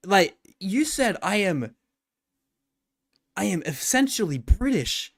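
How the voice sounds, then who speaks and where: A man's voice: high-pitched, big pitch swings, slow, pauses often. A man streaming about gacha games in a casual, rambling way, joking and swearing freely. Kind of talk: casual livestream commentary. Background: faint background music.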